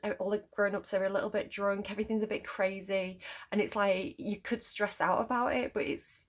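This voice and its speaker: Woman, tarot reader at home, chatty and rambling, gravelly fry in the voice, hyper energy. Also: medium pitch. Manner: chatty, rambling, filler-heavy; hyper and giddy. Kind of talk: casual intuitive tarot reading.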